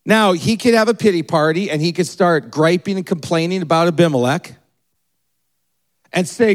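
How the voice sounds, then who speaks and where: A man preaching a sermon, retelling a story and acting out its people with quick changes in his voice. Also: high voice. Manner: animated, acts out the people in the story with quick shifts in voice. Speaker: pastor.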